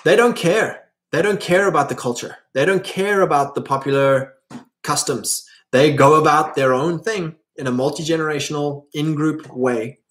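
A man's voice: a little high, moderate pace, fairly bright tone. Blunt, preachy man talking to camera. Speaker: video host. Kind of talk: monologue to camera.

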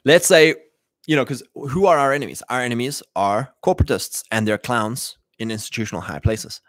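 A man hosting a livestream speaks briskly in a medium-pitched, somewhat bright voice, captured in a dry recording. His casual political commentary rambles, thick with fillers and false starts, and he voices the people he quotes.

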